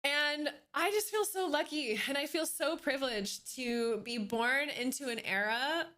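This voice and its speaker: A woman's voice: high voice, unhurried, pushed and bright. A woman streamer chatting casually on a live stream, bubbly and giggly as she greets her chat by name. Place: at home at her computer.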